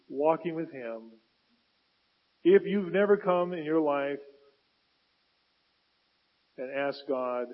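A man's voice: mid-range voice, a little slow, long pauses, muffled recording. A man preaching a sermon at a church service, earnest, repeating key phrases for emphasis and often stumbling and restarting. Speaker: pastor.

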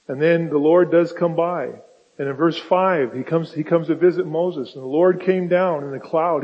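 Male preacher, fairly high voice, relaxed storytelling sermon, recorded dull in a reverberant hall. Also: husky. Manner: conversational, storytelling, voices God and Jonah in quotes.

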